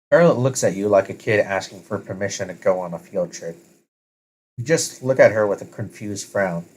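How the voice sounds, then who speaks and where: A man's voice: fairly low pitch, moderate pace, a little mellow, rough recording. A man casually reading a second-person story aloud, often correcting himself. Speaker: story reader.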